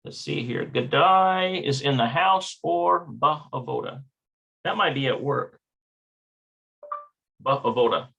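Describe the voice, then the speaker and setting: A man's voice: mid-range voice, takes it slowly, vocal fry, pauses often, bright, forceful tone, husky, highs cut off. A man teaching an online Hebrew lesson, thinking aloud with hesitations and stopping to check pronunciations. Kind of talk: slow online language lesson.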